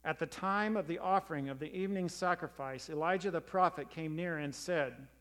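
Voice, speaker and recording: A man preaching a sermon, reading scripture aloud in a measured, earnest way and slowing down for quoted lines. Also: a little high, fairly bright tone. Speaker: pastor.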